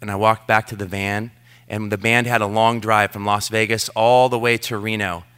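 Bright, clear-voiced male preacher. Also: on the low side, little pitch movement, normal speed. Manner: earnest, storytelling with self-deprecating asides. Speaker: pastor. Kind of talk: sermon.

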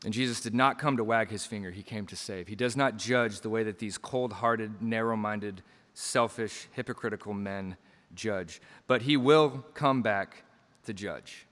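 A man preaching a sermon with passion, surging to loud emphasis and dropping to quiet lines, acting out quoted voices as he tells stories. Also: lowish voice, normal speed, long reverb tail. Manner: impassioned, swings between loud emphasis and quiet drops; acts out quoted lines in storytelling asides.

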